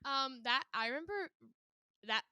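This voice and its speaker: A young woman with a bright, higher voice chats casually as a podcast co-host. Her pitch swings widely as she talks. She is bubbly and giggly, and she fills her sentences with "like". The sound is close and dry. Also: lively intonation, unhurried, clean tone, no echo. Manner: bubbly, giggly, heavy filler "like". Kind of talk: casual book chat.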